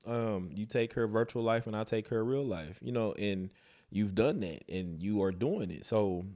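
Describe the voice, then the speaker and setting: A man in his thirties co-hosting a podcast, chatting casually and telling stories with lively acted-out quotes. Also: lowish voice, moderate pace. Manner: animated storyteller, acts out voices. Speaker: podcast co-host. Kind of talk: casual chat.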